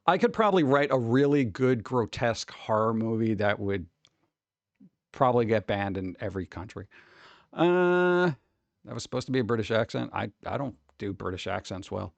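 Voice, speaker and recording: A man hosting a casual live stream, rambling and mocking things with sudden jumps up into a high voice. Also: fairly quick, gravelly, dry recording, dull audio. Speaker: streamer host.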